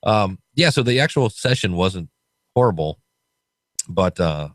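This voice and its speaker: A man's voice: low voice, lively intonation, unhurried, no room sound. A man hosting a podcast, chatting casually and telling stories with quoted voices. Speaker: podcast host.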